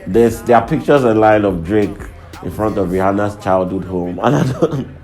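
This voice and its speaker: A man's voice: lowish voice, normal speed, darkish tone. A young man hosting a profane, irreverent comedic monologue, laughing between lines. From Nigeria. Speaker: host. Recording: faint background music.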